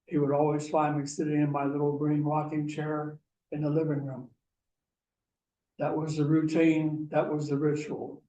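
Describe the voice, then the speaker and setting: A man from Pennsylvania giving a talk, telling a personal story slowly and deliberately. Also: fairly high pitch, monotone, mellow, lo-fi sound. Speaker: guest speaker. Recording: echoey room, mic far off, faint hiss.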